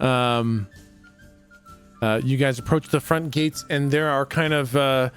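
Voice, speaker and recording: A man narrating as game master of a tabletop game, halting with many fillers. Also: mid-range voice, steady tone, soft background music. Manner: hesitant, full of fillers.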